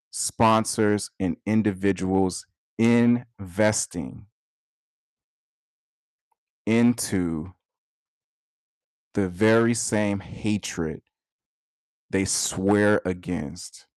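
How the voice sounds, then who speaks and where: A young man from Detroit delivering an earnest commentary monologue in a slow, measured way with pauses. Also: low voice, no room sound, studio quality. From Detroit, USA. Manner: earnest, emphatic, rising sharply when upset. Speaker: channel host.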